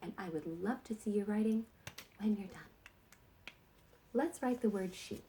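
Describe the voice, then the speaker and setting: A woman teaching sight words to young kindergarten children in a slow, encouraging sing-song way. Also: mid-range voice, mellow, a little hiss or hum.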